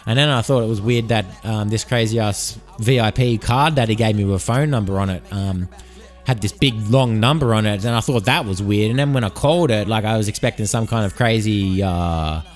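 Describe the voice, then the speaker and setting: A man's voice: on the low side, brisk. A man hosting a solo podcast, joking and meandering as he swears freely through tall tales. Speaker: podcast host. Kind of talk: rambling solo podcast monologue.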